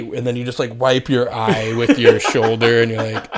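A man's voice: mid-range voice, steady tone, a little fast. A young man casually co-hosting a podcast, joking crudely and acting out quotes as he tells stories. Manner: crude, joking storyteller who acts out quotes. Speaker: podcast co-host.

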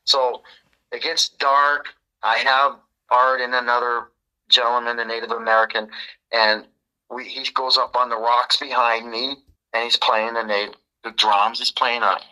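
A man, a podcast guest, telling a story in a casual, animated way and acting out the dialogue. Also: mid-range voice, poor audio. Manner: animated, acts out quoted dialogue.

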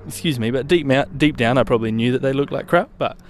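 A man's voice: mid-range voice, fast talker. Young male podcast host, loose and chatty, mid-range voice, light traffic hum outdoors. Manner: rambling, relaxed, swears casually. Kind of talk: casual solo podcast chat.

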